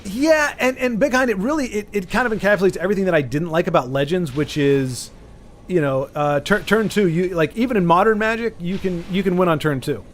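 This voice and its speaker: Guy streaming a game, talks in loose rambling bits, keeps restarting, bit higher voice. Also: fairly quick, slight background noise. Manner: rambling, with frequent restarts and bursts of excitement. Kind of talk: casual chat while gaming.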